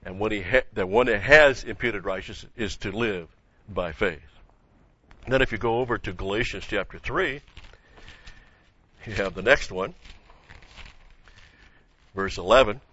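A man teaching the Bible sermon-style, halting with many fillers and asking rhetorical questions. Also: on the low side, sharp tone, breathy edge. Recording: dull lo-fi recording.

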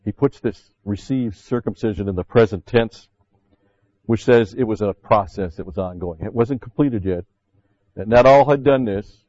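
A man's voice: fairly low pitch, normal speed, a little mellow, no echo, lo-fi sound. A man preaching a sermon as pastor, talking conversationally with frequent "see" asides and rising emphatically when he quotes scripture.

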